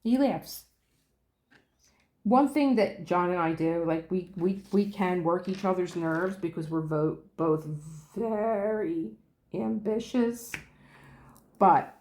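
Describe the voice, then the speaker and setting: Woman, casual storyteller vlogging from home; animated retelling with laughs, room echo audible. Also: on the low side. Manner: chatty, acts out quoted dialogue, laughs often. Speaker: diamond painting vlogger.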